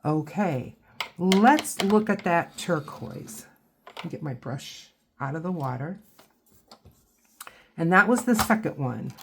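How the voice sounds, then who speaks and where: A woman's voice: low voice, expressive, slow pace, pauses often, background noise. A woman giving a casual painting tutorial, chatting and thinking aloud as she works. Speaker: watercolor instructor.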